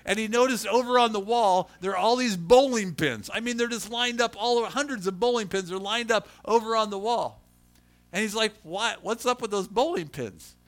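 Man preaching, middle-aged, high voice, bright tone, animated storytelling, acts out voices. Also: fairly quick. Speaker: pastor. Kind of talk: storytelling sermon.

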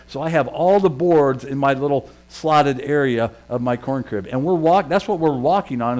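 A middle-aged male pastor preaching and telling a lively personal story, shouting and laughing at its peaks. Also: a little high.

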